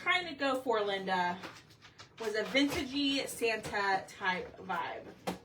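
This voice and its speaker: Casual woman host, bright voice, slightly distant mic. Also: mid-range voice, big pitch swings, takes it slowly. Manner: chatty, talks to viewers by name. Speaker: craft livestream host. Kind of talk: casual live craft chat. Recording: faint room noise, somewhat off-mic.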